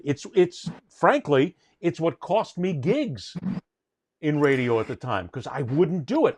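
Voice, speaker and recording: A man's voice: fairly high pitch, a little mellow. A middle-aged man hosting a sports talk show, telling stories in an emphatic, indignant way. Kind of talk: casual panel chat.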